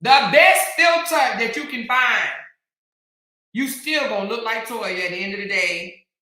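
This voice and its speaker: A woman hosting a commentary channel, scolding and taunting in a heated rant with drawn-out emphasis and bursts of shouting. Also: on the high side. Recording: very echoey room.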